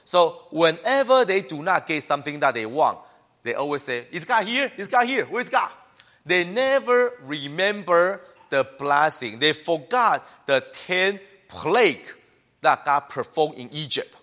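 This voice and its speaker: A male pastor preaching with a lively, bouncing delivery. His voice is bright and forward, and his pitch sits a little above the usual for a man. He acts out the complaints of his listeners as he teaches. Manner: animated, mimics complaining voices. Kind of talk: sermon.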